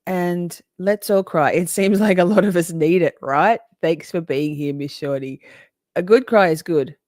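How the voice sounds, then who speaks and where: Low-voiced woman, casual and sweary. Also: a little slow, darkish tone, no room sound, clean studio sound. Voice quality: swears freely, emotional and chatty. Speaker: livestream host reading chat. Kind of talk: casual live-stream chat.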